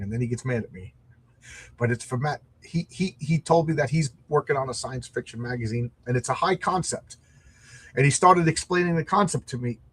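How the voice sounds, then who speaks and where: A man's voice: mid-range voice, a bit bright, husky. A middle-aged man hosting a comic book show, chatting casually and rambling in a self-deprecating way. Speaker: comic podcast host.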